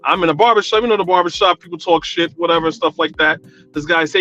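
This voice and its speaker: A man's voice: a little high, fast talker, fairly bright tone. New man calling in on a dull line. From New York, Guyanese descent. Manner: casual, talks at length with many fillers. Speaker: caller. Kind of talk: call-in radio chat.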